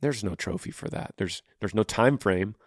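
A man's voice: lowish voice, expressive, moderate pace, creaky, no echo, studio quality. A podcast host in his thirties answering a listener's question on grief, blunt and earnest, speaking in repeated rhythmic phrases. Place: home room.

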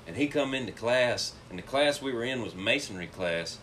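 A man's voice: medium pitch, expressive, normal speed, fairly bright tone, slight background noise. A young man, casually telling a rambling story and laughing through it.

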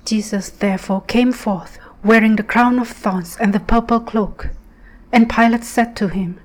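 Slow, hushed woman reading prayers. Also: medium pitch, steady tone, poor audio. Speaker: prayer leader. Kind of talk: devotional scripture reading.

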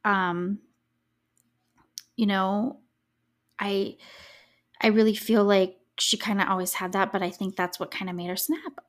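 A woman's voice: medium pitch, flat delivery, measured pace, pauses often. A young woman hosting a true crime podcast, chatting casually and reacting to the case with sarcastic asides. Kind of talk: casual solo podcast chat.

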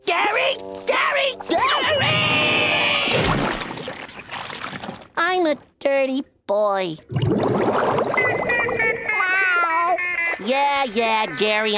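High squeaky cartoon sea sponge, bossy and excitable, swooping wildly, loud cartoon music behind. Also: full character voice. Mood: frantic shouting, then sheepish. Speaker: cartoon character. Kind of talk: cartoon episode clip.

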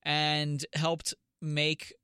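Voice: mid-range voice, completely flat delivery, extremely slow, sharp tone, smooth, no room sound, clean studio sound. A young adult co-host chatting casually on a podcast, teasing and upbeat, turning earnest at times. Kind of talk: casual chat.

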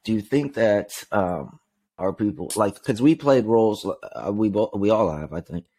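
Hesitant man with a lowish voice. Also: animated, dark tone. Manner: hesitant, halting with many fillers. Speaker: podcast co-host. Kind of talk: casual podcast chat.

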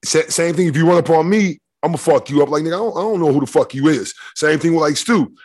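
A man with a slightly husky, fairly high voice, co-hosting a podcast. He talks loose, slangy and profane and swears freely. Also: fast talker, a little mellow. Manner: profane, slangy street talk. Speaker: co-host. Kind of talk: casual podcast banter.

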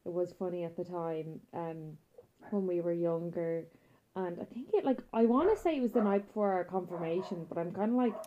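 A young Irish woman in her twenties, a guest telling stories in casual chat, lively and laughing, with plenty of fillers. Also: fairly low pitch, brisk, slight background noise. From Ireland. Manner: animated storyteller, frequent laughter and fillers. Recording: muffled, dull audio.

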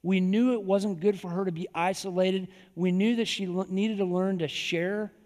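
Pastor guy preaching, high-ish voice, chatty storytelling, big hall echo. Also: steady tone, moderate pace, a little mellow. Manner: conversational, folksy storytelling with emphatic repetition. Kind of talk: sermon. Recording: long hall reverb.

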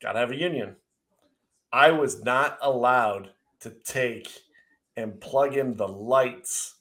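Middle-aged man, casual podcast co-host, animated sarcastic storyteller, mid-range voice. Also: medium pitch.

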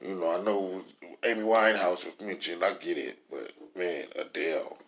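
A man co-hosting a casual chat, animated and reactive. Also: deep voice, normal speed, noisy background. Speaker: co-host.

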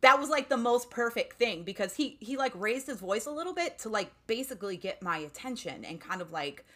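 A woman's voice: fairly high pitch, sing-song, fairly quick, fairly bright tone. A woman telling a personal story in a casual interview, talking freely with many "like" fillers. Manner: chatty, lots of "like" fillers.

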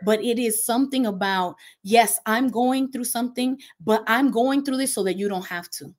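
A woman's voice: a little high, normal speed. Earnest woman pastor preaching in conversation. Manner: earnest, preaching cadence with repetition. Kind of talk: faith podcast conversation.

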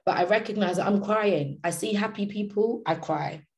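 A woman's voice: medium pitch, normal speed. A woman giving an inspirational talk, passionate and slangy, driving her points home with repetition. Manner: passionate, slangy, repeats phrases for emphasis.

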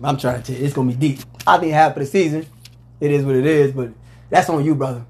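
A man hosting a casual sports talk show, talking in a loose, rambling way and letting out loud whoops. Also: mid-range voice, steady tone, fast.

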